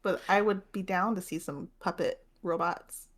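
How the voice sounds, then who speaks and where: A woman's voice: on the low side, fairly even intonation, moderate pace. A woman hosting a book club, chatting casually in a loose, hedging way and laughing easily. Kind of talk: casual chat.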